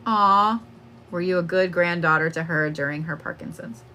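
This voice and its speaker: A woman's voice: on the low side, moderate pace, pushed and bright, slight background noise. A young woman giving a casual psychic reading, laughing often and swearing freely. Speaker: psychic medium. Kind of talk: live-stream reading.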